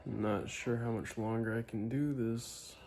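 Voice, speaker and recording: A man's voice: medium pitch, steady tone, unhurried, slight background noise. A sleepy, worn-out young man vlogging late at night, making jokey, rambling asides. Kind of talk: casual to-camera commentary. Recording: music playing loud behind.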